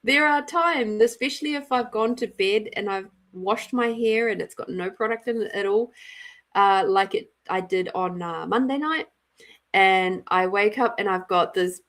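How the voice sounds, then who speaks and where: A woman's voice: medium pitch, moderate pace, fairly bright tone. A middle-aged woman from Australia hosting a casual live-stream card reading, chatty and giggly, greeting viewers by name. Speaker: intuitive card reader and live-stream host.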